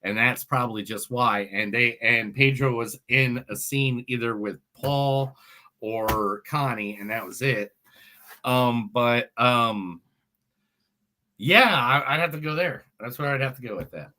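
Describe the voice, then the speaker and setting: A man co-hosting a movie review podcast, joking around in casual chat with loud, emphatic outbursts. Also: mid-range voice, measured pace.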